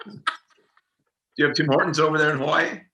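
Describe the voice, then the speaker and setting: A man, an actor and interview guest, chatting casually and telling animated stories, laughing often and repeating words as he goes. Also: on the high side, fairly quick, a little hiss or hum. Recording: roomy echoey room sound.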